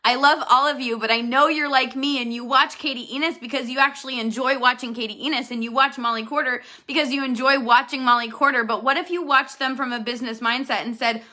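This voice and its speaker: Bright-voiced woman coaching her sales team. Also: high voice, quick pace, hardly any pauses. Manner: earnest, direct, addresses viewers as "you guys". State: emotional, near tears at times. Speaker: network marketing team leader. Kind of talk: motivational video talk to her team.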